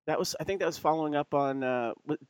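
This American podcast host talks fast in a fairly high, smooth voice on a dry recording. He rambles through casual chat, laughing easily, with many fillers and restarts.

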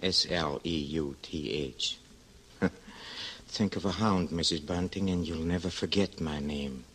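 A very low, deep male voice: a secretive, severe lodger in an old-time radio play. He speaks haltingly, stammering over his words, then turns cold and sharp. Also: slight background noise.

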